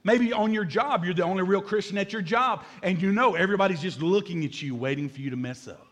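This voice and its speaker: A man in his fifties, a pastor preaching a sermon in a lively, joking way, acting out little scenes and calling for amens. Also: high voice, fast. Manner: lively and joking, acts out voices, calls for amens from the congregation.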